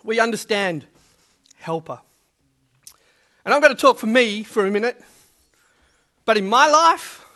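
Male pastor, very high voice, bright and forceful, emphatic, repeats key words. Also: lively intonation, measured pace, pauses often. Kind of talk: sermon with opening prayer.

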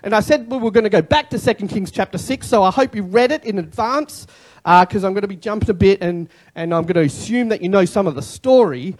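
A pastor preaching a sermon in an animated way, with joking asides and repeated key phrases. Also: medium pitch, brisk.

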